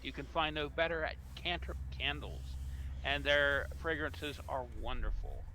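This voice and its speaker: A man's voice: a little high, measured pace, pushed and bright, a little hiss or hum. A man hosting a live tabletop game stream as dungeon master, upbeat and reading sponsor plugs.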